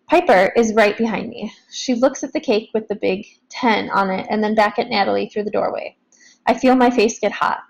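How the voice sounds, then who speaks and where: A woman reading a novel aloud in first person, in plain, steady storytelling. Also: mid-range voice, gravelly, lo-fi sound. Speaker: audiobook narrator.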